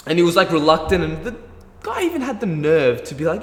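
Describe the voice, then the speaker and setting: A young Australian man telling a personal story in an animated, self-mocking way with plenty of swearing. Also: on the high side, a little fast. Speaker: vlogger. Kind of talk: storytelling monologue. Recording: roomy echo, long reverb, faint music.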